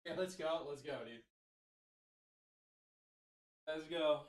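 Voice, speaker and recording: A man hosting a live card-break stream, with a voice sitting a little high for a man. He rattles off player names as he opens packs and answers viewers in casual chatter. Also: slow pace. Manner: rattles off player names, reads chat aloud.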